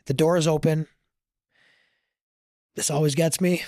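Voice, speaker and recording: A Canadian firefighter, a guest in a casual interview, tells his story earnestly and emotionally, sometimes choking up. His fairly high voice is steady and warm, his pace measured, and the recording is dry and studio quality.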